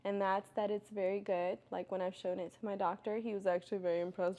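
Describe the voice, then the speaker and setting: A woman's voice: mid-range voice, fast talker, lo-fi sound. Candid rambling young woman. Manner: candid, rambling, lots of "like" and "you know"; gets loud and animated when telling stories. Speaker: vlogger answering viewer questions. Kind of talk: casual Q&A chat.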